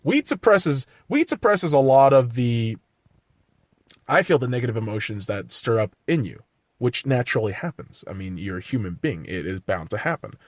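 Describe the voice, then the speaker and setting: Profane, lively-pitched man ranting on a podcast. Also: moderate pace, dry recording, clean studio sound. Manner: profane, self-critical ranting with pep-talk asides. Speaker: podcast host. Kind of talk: solo podcast rant.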